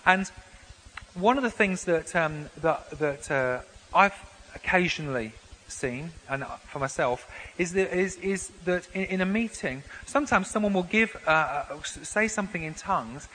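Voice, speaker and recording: Male pastor, high bright voice, chatty sermon delivery full of restarts, long church reverb with faint hiss. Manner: conversational preaching with frequent restarts and repeated words. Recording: long hall reverb, faint background noise.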